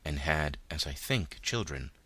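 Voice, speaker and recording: A man voicing a calm male spirit in an audiobook, speaking low, quiet and measured. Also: slightly rough, no echo, heavily acted. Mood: solemn. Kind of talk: audiobook character reading.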